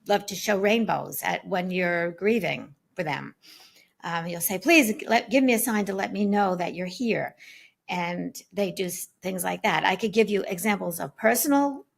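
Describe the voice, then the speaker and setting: Gravelly-voiced woman telling a story. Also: mid-range voice. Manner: animated storyteller, acts out voices. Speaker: guest speaker on spirit signs. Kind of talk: storytelling in a panel talk. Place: online summit panel, video call.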